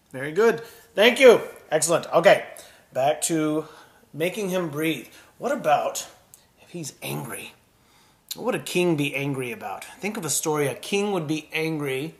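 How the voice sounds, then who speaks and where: A man teaching children a puppet drama lesson, gentle and encouraging as he demonstrates. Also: a little high, expressive, normal speed.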